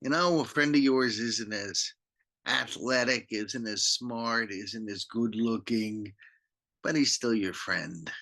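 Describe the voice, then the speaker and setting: Animated pastor telling a children's Bible story, slow and bright. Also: male voice, on the low side, gravelly. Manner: animated, slow, acts out the characters.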